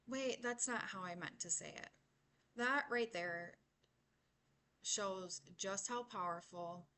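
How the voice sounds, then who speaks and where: A young woman giving a class presentation, explaining points in a measured way and slowing on key words. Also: medium pitch, fairly bright tone, a little hiss or hum. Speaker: student presenter.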